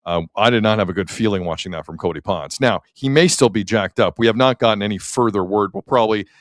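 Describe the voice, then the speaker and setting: A man hosting a sports talk show, chatty and animated as he reads out player stats. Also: on the low side, fast, no room sound, studio quality.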